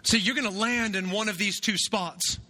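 A man preaching with a very bright, forceful voice pitched high for a man. His delivery is conversational, and he keeps checking in with the congregation with a quick "right?" as he makes his points. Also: steady tone. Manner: conversational, asks "right?" often. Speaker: pastor. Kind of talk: sermon.

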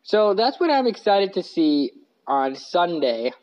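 A man's voice: high-pitched, very animated, measured pace, a little mellow, lo-fi sound. A man hosting a casual sports podcast from his couch, rambling and correcting himself with lots of fillers. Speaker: podcast host. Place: living room couch.

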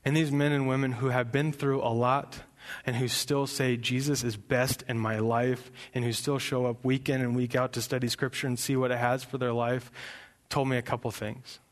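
Young guy preaching, fired up, gets loud and punchy then drops back down. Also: mid-range voice, level tone, moderate pace. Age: young adult. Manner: impassioned, building to loud emphatic peaks. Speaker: pastor. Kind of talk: sermon.

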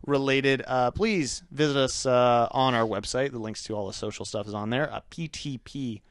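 A man's voice: medium pitch, normal speed, no room sound. A man co-hosting a podcast in casual, crude, joking chat. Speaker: podcast co-host.

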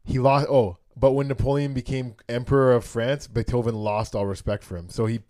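A man's voice: medium pitch, steady tone, fairly quick, warm tone, no echo, clean studio sound. A young man co-hosting a casual comedy podcast, reading history facts aloud with fillers and casual swearing. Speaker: podcast co-host.

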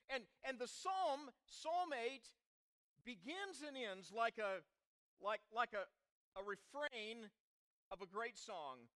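A man preaches slowly, his pitch swinging widely as he builds to emphatic peaks and then falls almost to a murmur. His voice is bright and forward. He leans on rhetorical questions, repeating them to press the point home. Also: expressive. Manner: rising to emphatic swells, then dropping low. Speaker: pastor. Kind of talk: sermon.

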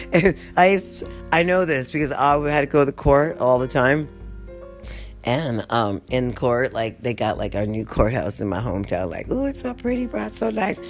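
A woman's voice: a bass voice, lively intonation, measured pace, soft background music. A woman vlogger telling a rambling, profane story, constantly drifting off topic. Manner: rambling, profane, easily sidetracked. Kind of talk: casual rant storytelling.

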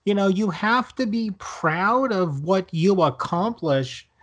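A man's voice: sits high, lively intonation, slow pace, a bit bright. A man co-hosting a podcast, chatting casually in a reflective way and eager to chime in. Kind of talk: casual chat.

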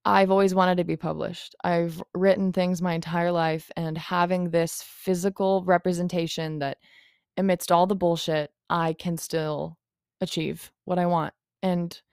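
A woman's voice: fairly low pitch, little pitch movement, measured pace, gravelly, darkish tone, clear, resonant tone, no echo, clean studio sound. A young woman hosting a solo podcast, talking frankly and confessionally in a rambling way and swearing freely. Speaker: podcast host. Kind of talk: candid solo podcast monologue.

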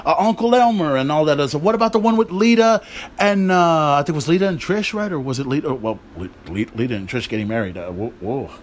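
A man's voice: on the high side, quick pace, slight background noise. A man hosting a podcast, ranting casually about wrestling with profane, exasperated rambling. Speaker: podcast host. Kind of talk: casual wrestling commentary rant.

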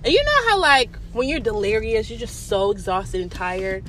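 A woman telling a story in a vlog, blunt and profane, animated in her delivery. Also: a little high, moderate pace, a little hiss or hum. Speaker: vlogger.

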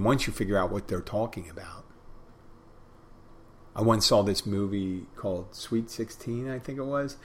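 A middle-aged male podcast host talks on his own in a loose, folksy ramble. His voice sits on the low side, unhurried and conversational. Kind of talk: casual solo monologue.

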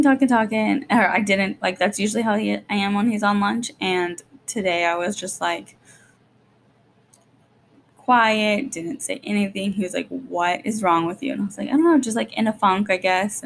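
A young woman and mother chatting casually to her vlog, rambling quickly with lots of "like", jittery and short on sleep. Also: mid-range voice, gravelly, slight background noise. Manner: rapid rambling, lots of "like", nervous. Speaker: vlogger, young mom.

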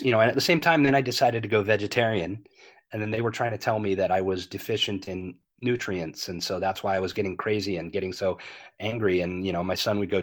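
Guest: man in his fifties, lowish voice, earnest, animated, lots of "you know", swears freely. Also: moderate pace. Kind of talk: candid conversational interview.

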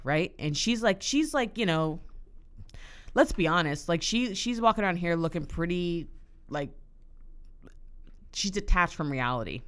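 A woman co-hosts a podcast with a notably low voice. She talks in an animated, profane, casual way and laughs often. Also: unhurried, pauses often. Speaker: podcast co-host. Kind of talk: casual chat.

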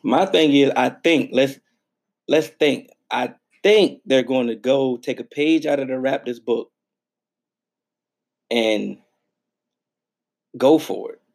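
A man's voice: mid-range voice, slow, gravelly, long pauses, darkish tone. A man co-hosting a sports podcast, talking in a hyped, slangy, teasing way. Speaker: podcast co-host. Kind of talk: casual sports podcast chat.

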